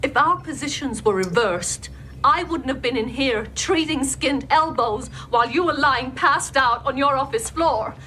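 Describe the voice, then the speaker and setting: A woman's voice: high-pitched, measured pace, bright, forceful tone, a little hiss or hum. An actress playing a distraught woman ship's counselor in a TV drama, lashing out with raw accusation. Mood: hurt, accusing. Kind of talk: TV drama acting.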